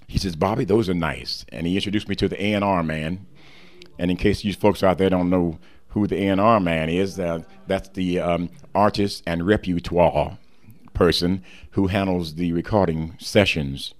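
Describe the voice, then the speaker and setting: A man's voice: low-pitched, steady tone, normal speed. An older man telling the story behind his song on the radio, acting out the voices of the people in it.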